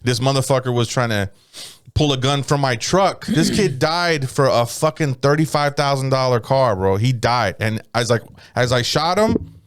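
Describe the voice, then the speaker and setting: A man's voice: mid-range voice, moderate pace, clear, resonant tone, no echo, clean studio sound. A man casually retelling a story on a podcast, cursing freely and voicing the people in it. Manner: profane, animated retelling with voiced quotes. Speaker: podcast co-host.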